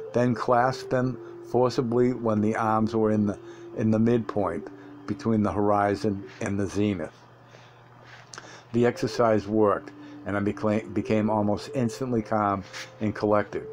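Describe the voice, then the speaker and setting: A man narrating a first-person audiobook in a steady reading voice, with occasional slips and restarts. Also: lowish voice, slight background noise.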